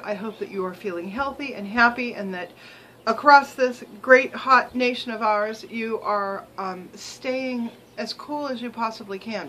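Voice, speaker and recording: Older woman, casual vlogger, bright rambling chat, faint hum behind. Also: mid-range voice, rough recording. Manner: rambling, chatty, many ums and restarts. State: chewing while talking.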